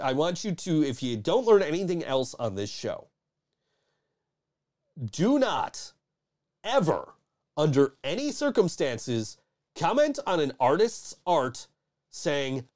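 A man's voice: mid-range voice, a little mellow. Rambling, profane male podcast host. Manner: profane, rambling, frequent restarts and laughs. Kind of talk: casual chat.

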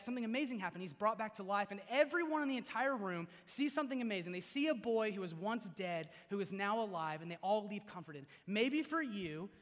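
A young man preaching to a youth audience, animated and joking, swinging between loud and hushed. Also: sits high. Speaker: youth pastor. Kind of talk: sermon. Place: large hall before an audience. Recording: long hall reverb.

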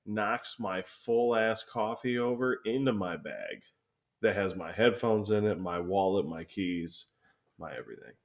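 A man's voice: lowish voice, measured pace. A young man telling a rambling, profanity-filled story in casual chat as a podcast co-host.

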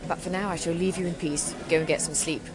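A woman's voice: lowish voice, fairly even intonation, quick pace. A woman from England, chatting casually on her podcast in a rambling way with frequent restarts. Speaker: podcast host. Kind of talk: casual chat. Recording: noisy background.

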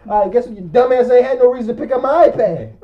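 A man's voice: very high voice, animated, fairly quick, highs cut off. A man telling a story in casual chat, animatedly acting out both sides of the conversation.

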